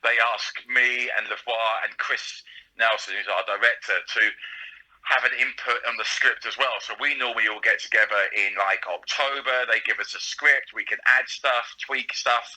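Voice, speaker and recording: A man talks casually in an interview, laughing often and tripping over his words as he goes. His voice is strikingly bright and sharp. It comes through a slightly tinny line. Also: mid-range voice, fairly even intonation, normal speed. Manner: chatty, laughing, many restarts. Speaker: panto comic and radio presenter, guest.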